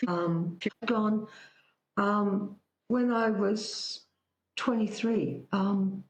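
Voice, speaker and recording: Drawing out her words in a mid-range voice, the Australian psychic guest animatedly shares stories in conversation, speaking the dialogue out loud. The room is echoey and the audio is poor.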